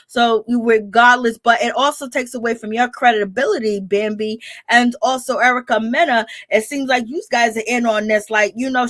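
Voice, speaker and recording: Woman, high voice, gossipy reality-show recap, dry close mic. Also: no echo. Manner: animated, gossipy, acts out quotes in shrill crying voices. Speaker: reality TV commentator. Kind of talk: casual recap commentary.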